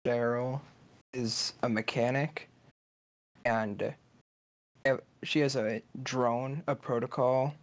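Relaxed male player. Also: medium pitch, slow pace, long pauses. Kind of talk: casual tabletop game talk.

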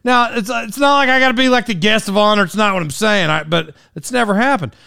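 A man's voice: sits high, fast, gravelly, pushed and bright, smooth, dry recording, clean studio sound. A man in his forties hosting a podcast solo, rambling through a personal story with restarts and laughs at himself. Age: 40s. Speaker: podcast host.

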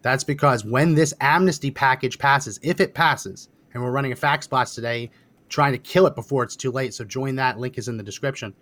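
A man hosting a political podcast, presenting clips with a brisk, sardonic delivery. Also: medium pitch, a bit bright. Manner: brisk, sardonic, directing the producer. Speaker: podcast host.

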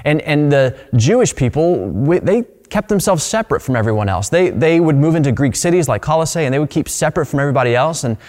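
A man's voice: on the high side, animated, fast, few pauses, a little mellow. Man preaching in a reverberant hall. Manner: conversational preaching with many restarts. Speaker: pastor. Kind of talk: sermon.

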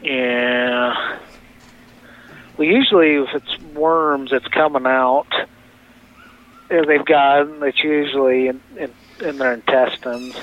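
A man's voice: mid-range voice, steady tone, slow pace, long pauses. Man, store clerk, plain and helpful, muffled phone line. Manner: plain, matter-of-fact, helpful. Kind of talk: phone conversation.

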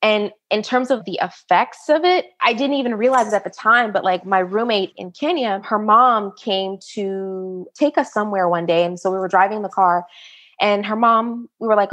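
A woman interview guest from the United States, telling a personal story in an animated way and acting out the quoted voices at a higher pitch. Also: moderate pace.

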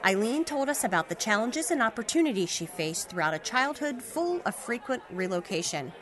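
A woman's voice: fairly high pitch, very animated, brisk, a bit bright. A woman hosting a live story event, announcing the next storyteller. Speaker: event host. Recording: crowd noise behind.

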